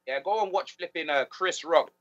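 A man's voice: a little high, moderate pace, highs cut off, a crowd in the background. A man telling teasing stories in casual football banter, heavy on slang. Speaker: guest.

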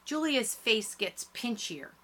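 A woman reading a first-person audiobook in steady, lower-key narration. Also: slow.

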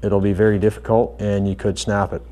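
A man explaining bass guitar adjustments step by step in a calm, methodical tutorial. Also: brisk.

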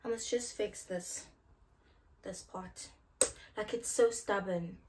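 A young South African woman chatting casually through a hair tutorial, playful and given to loud outbursts. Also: mid-range voice, slow, background noise. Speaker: hair vlogger.

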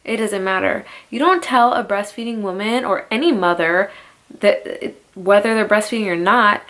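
A woman's voice: medium pitch, normal speed, fairly bright tone. A young woman vlogging a heated, profane rant straight to her camera at home, full of "like" fillers. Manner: heated, swearing, filler-heavy "like".

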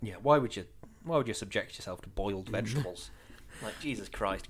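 Man, podcast co-host, casual sweary chat, lively animated pitch. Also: a little fast. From Britain.

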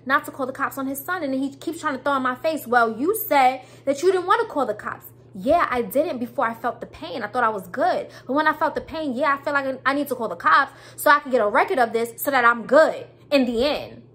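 A woman's voice: sits high, brisk, hardly any pauses, sharp tone. A woman telling a storytime vlog in a casual, emphatic way, with speech and some preachy repetition. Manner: emphatic, preachy, repeats herself.

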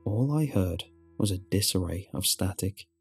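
A man narrating a first-person horror story in a low, measured storytelling delivery. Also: expressive, breathy edge. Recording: soft music underneath.

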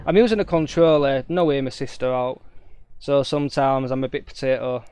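Chatty Yorkshire lad streaming a shooter. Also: male voice, on the high side, steady tone, normal speed, slight background noise. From Yorkshire, England. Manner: chatty, easygoing, talks to chat while playing. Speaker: game streamer. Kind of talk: casual live gameplay commentary. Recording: game gunfire loud behind the voice.

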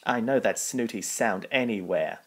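A man's voice: fairly low pitch, moderate pace, lightly acted. A man reading aloud and voicing a busy, kind but bossy male tank engine. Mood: knowing.

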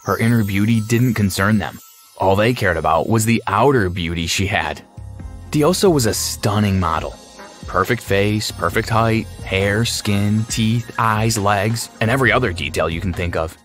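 A man narrating a scripted animated story in a wry, sardonic way. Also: on the low side, normal speed. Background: faint music.

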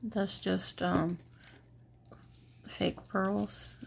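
Slow-talking, gravelly woman vlogger. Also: mid-range voice, flat delivery, a little hiss or hum. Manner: chatty, murmurs remarks about each item; slips into Spanish asides. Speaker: jewelry vlogger. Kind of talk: casual show-and-tell commentary.

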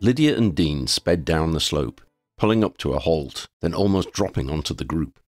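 A man reading a fan fiction chapter aloud as an audiobook narrator, with expressive storytelling. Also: a bass voice, normal speed, soft background music.

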